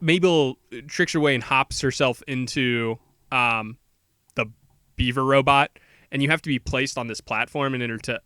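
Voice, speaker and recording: A man co-hosting a podcast, rambling through a movie plot and slipping into quick quoted voices for the characters. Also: mid-range voice, bright, forceful tone, clean tone, no echo, clean studio sound. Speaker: podcast co-host. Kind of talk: casual movie recap chat.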